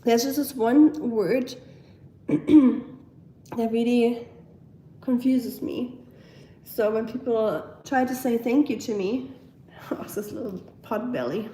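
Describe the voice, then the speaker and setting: Young woman, German accent, hoarse from a cold, unhurried, fairly high voice, casual home stream. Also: mellow, a little hiss or hum. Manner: chatty, reads viewer comments aloud, talks to her pets. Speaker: live streamer. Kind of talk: casual live-stream chat. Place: at home, indoors.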